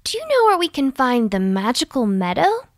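An excited little boy bunny from a storybook, his voice jumping high and full of life, as a woman puts him on. The sound is dry and close. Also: moderate pace, no room sound, heavily acted. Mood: polite. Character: small eager boy bunny.

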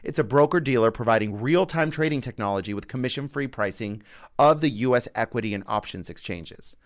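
A man's voice: mid-range voice, brisk. A man hosting a podcast, reading a scripted opening in a conversational way with playful asides. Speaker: podcast host.

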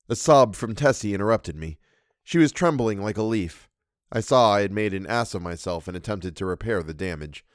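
Man narrating a horror tale for a podcast, measured and expressive, low voice, dry recording. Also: dry recording. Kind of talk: reading a horror story aloud.

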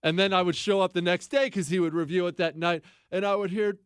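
A man hosting a podcast, telling a story in casual comedic style, animated and sardonic, with self-mocking asides. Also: high voice, fairly quick, clean tone, dry recording, studio quality. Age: adult.

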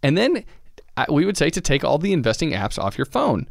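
A man's voice: on the high side, huge pitch swings, fairly quick, creaky, dry recording, clean studio sound. Earnest, reflective male podcast co-host. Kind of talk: casual chat.

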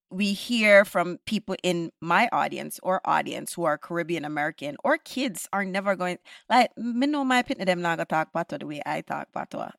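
A woman, a podcast host giving animated, opinionated views in casual discussion, often ending points with "right?". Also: sits low, gravelly, dry recording, studio quality.

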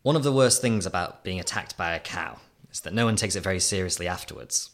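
A man reading his own opinion column aloud in a dry, measured storytelling manner. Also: sits low, lively intonation.

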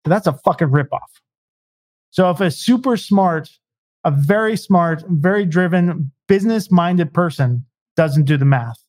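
In a dry recording, a man whose voice is on the high side with a darkish tone talks as a home service business consultant on a podcast. His business advice is emphatic, and he keeps punctuating points with rhetorical questions like "right?"

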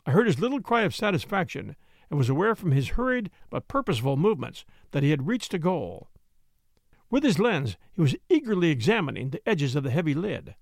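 A man narrating a classic detective story in an expressive, dramatic way. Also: on the high side, fairly quick, vocal fry, dry recording, clean studio sound. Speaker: audiobook narrator.

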